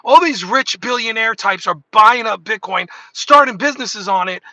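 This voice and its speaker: Animated, high, bright-voiced man chatting. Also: moderate pace, no echo. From New York State. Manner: rambling, animated, self-interrupting. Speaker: livestream host. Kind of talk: casual talk to camera.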